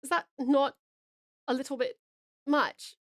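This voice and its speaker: A woman's voice: sits high, takes it slowly, dry recording. An Australian woman from Tasmania chatting casually and playfully on a live stream, self-deprecating, close to a desk microphone.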